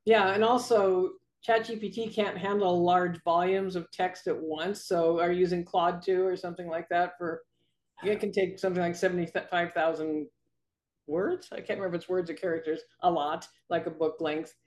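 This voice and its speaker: A woman's voice: fairly low pitch, fairly even intonation, moderate pace, a little mellow. A woman guest, a copywriting coach, talking casually on a video call and laughing between phrases.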